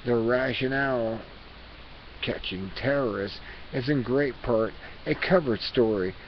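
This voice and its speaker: A man vlogger reading an article aloud, halting and repeating words as he goes. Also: mid-range voice. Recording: dull lo-fi recording with hiss.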